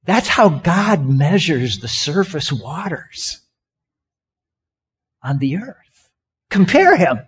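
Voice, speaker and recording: A man's voice: a little high, sing-song, takes it slowly, pauses often, husky. A man preaching a sermon as a pastor, asking the congregation questions and having them act out hand gestures as he talks. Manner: conversational, asks the congregation questions; has listeners act out gestures with their hands.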